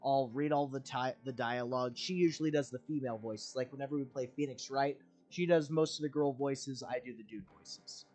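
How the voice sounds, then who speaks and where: A man's voice: mid-range voice, fairly quick, few pauses, a little mellow, soft background music. Rambling, candid young male streamer. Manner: rambling, candid, with frequent fillers and swearing. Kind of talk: casual gameplay commentary.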